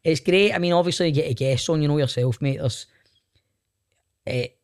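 A middle-aged man with a Glaswegian Scottish accent, chatting as a podcast guest. He tells animated stories, laughs often and swears freely. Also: fairly high pitch, moderate pace. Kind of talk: casual chat.

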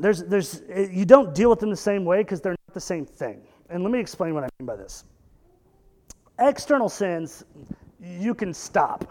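A pastor preaching a conversational sermon, animated, with rhetorical questions and joking asides. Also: male voice, sits high, moderate pace.

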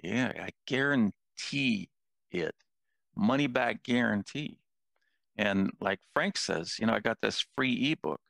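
A man's voice: fairly low pitch, lively intonation, measured pace, vocal fry, fairly bright tone, no echo. An older man in casual conversation, a self-deprecating storyteller who jokes his way through anecdotes.

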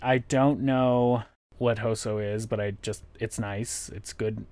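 A man's voice: fairly low pitch, steady tone, a little mellow, clean tone, dry recording. Male podcast host, casual, profane, chatty, dry close recording. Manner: chatty, profane, acts out quick impressions.

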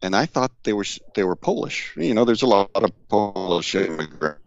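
An American man from the Deep South, a guest telling relaxed stories in a casual interview over a video call. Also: brisk, creaky, muffled recording. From Deep South of the United States.

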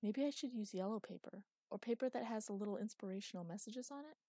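A woman's voice: medium pitch, quick pace, dark tone, dry recording, pitched above the performer's own voice, close to an everyday voice. A woman voicing a weary middle-aged father with dry, self-mocking humor, wry and grumbling. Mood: frustrated musing.

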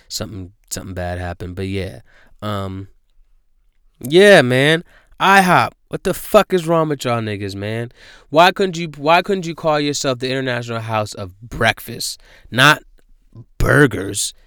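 A man hosts his own podcast from the seat of his car, ranting loudly and swearing in disbelief. His voice is smooth and clear at a middle pitch. The sound is dry and close, with almost no room echo. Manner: loud, profane, incredulous ranting. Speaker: podcast host. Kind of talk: casual solo podcast rant. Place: inside a car.

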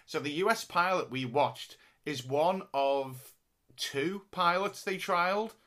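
A man's voice: on the high side, slow, fairly bright tone. A man co-hosting a casual podcast chat, rambling through stories with frequent restarts. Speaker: podcast co-host.

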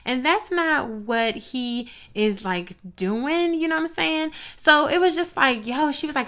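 A woman giving blunt, profane, sassy commentary on reality TV gossip, with animated asides. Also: sits high, moderate pace. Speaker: gossip vlogger.

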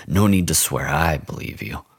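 A man voicing a stout, gruff, domineering frontier Indian agent who gives curt, menacing orders. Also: a bass voice, moderate pace, no room sound, studio quality, full character voice. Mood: smooth.

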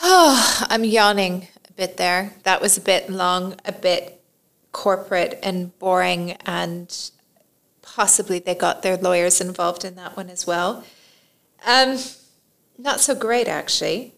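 A woman's voice: fairly low pitch, steady tone, a little slow, creaky, fairly bright tone. Thoughtful woman podcast co-host. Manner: thoughtful, conversational, hesitant restarts with light laughs. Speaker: podcast co-host, PR and communications professional. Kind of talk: casual discussion podcast.

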